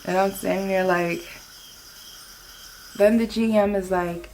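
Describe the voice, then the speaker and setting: A chatty young woman tells a work story in a casual vlog and acts out other people's lines along the way. Her voice sits at an ordinary middle pitch. Faint music plays underneath. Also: steady tone, unhurried, pauses often, a little mellow. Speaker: vlogger telling a work story.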